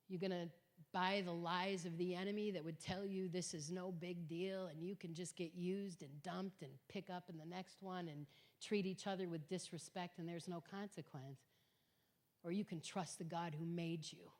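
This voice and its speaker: A middle-aged woman giving an earnest Christian talk to high school students, telling stories emphatically and swinging from quiet to loud. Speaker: guest speaker at a high school. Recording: long hall reverb.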